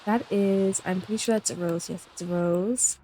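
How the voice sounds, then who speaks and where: A woman's voice: medium pitch, steady tone, moderate pace, mellow, slight background noise. Chatty woman narrating her life-sim game. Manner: chatty, rambling, narrates what her characters say. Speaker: gameplay host. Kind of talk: casual game commentary.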